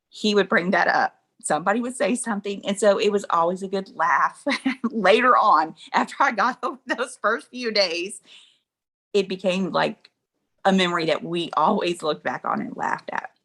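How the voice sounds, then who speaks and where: A woman's voice: mid-range voice, normal speed, a bit bright. A middle-aged woman, an interview guest, candidly telling personal stories and laughing along as she talks. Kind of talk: emotional personal storytelling.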